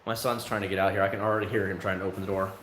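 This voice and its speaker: A man's voice: deep voice, little pitch movement, racing, fairly bright tone, echoey room, a little hiss or hum. A man hosting a livestream, chatting casually with viewers in a candid, rambling way full of fillers, outside his home. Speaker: livestream host. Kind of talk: casual chat answering viewers.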